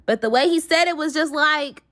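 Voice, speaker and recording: A young woman telling a story in a vlog, heated and profane, full of "like" and quick asides. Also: sits high, a bit bright.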